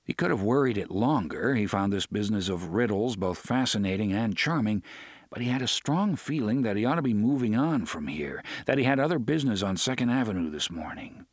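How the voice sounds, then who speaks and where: A male audiobook narrator with a lively, wide-ranging delivery and a mid-pitched voice. The reading is close to the mic in a dry, dead room, measured and expressive. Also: no room sound. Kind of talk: scripted narration.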